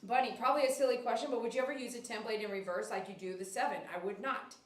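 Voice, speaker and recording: A woman's voice: fairly high pitch, steady tone, racing. A woman dog groomer hosting a casual livestream, cooing baby talk to a dog and reading viewer comments aloud. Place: grooming shop. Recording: echoey room, mic at a distance.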